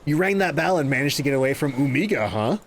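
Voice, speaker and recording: A man's voice: on the high side, animated, fast. A man reading out a chatty male fish merchant's lines in a friendly, conspiratorial way. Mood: chummy.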